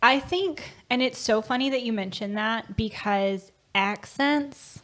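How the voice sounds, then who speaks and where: A woman's voice: on the high side, a little slow, fairly bright tone. A woman from Alabama with a mostly neutralized Southern accent, co-hosting a podcast in casual, chatty talk and laughing often. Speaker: podcast co-host. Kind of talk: casual chat.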